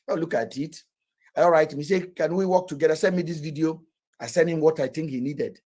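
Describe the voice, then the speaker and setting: A Nigerian man holds forth in a casual chat, blunt and boastful, swearing freely as he tells his stories. His voice sits at a middle pitch with a husky, slightly breathy edge. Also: brisk, a little mellow. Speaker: podcast host.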